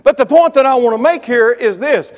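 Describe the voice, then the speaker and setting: A man preaching a sermon, building to loud emphatic peaks, then dropping low, with wry asides to listeners by name. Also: lively intonation, brisk. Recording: long reverb of a large hall.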